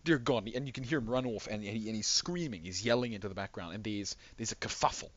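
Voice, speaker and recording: A man's voice: on the low side, fast, fairly bright tone, muffled recording. A man running a tabletop game, narrating in a rambling, restarting way over voice chat. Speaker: game master.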